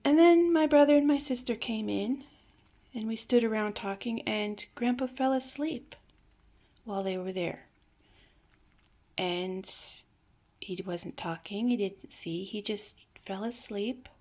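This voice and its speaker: A woman telling a personal family memory in a reflective, hesitant way, sometimes dropping to a soft near-whisper. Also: a little high, measured pace. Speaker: storyteller.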